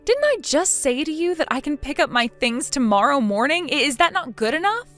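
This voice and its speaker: A woman's voice: high voice, sing-song, a little fast, a bit bright, faint music behind, pitched above the performer's own voice. A synthetic woman's voice playing a defiant young daughter-in-law in a text-chat story, sarcastic and dismissive. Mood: upset.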